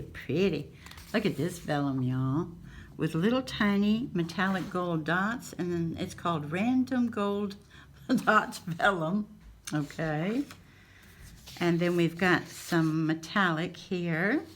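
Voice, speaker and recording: A woman's voice: fairly low pitch, a little hiss or hum. A woman hosting a casual craft haul, gushing and cooing over each item as she shows it at home. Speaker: craft channel host. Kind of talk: casual haul show-and-tell.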